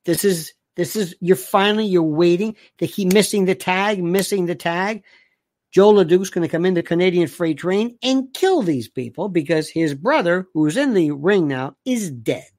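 A man's voice: high-pitched, animated, moderate pace, darkish tone, no echo. A man in his sixties rambling through a movie memory, acting out quoted lines as he goes. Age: 60s. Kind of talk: casual storytelling monologue.

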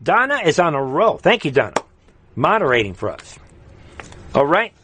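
A man hosting a live political stream, ranting and taunting, with sudden loud jumps up in pitch. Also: very animated, moderate pace, husky. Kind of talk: heated political commentary.

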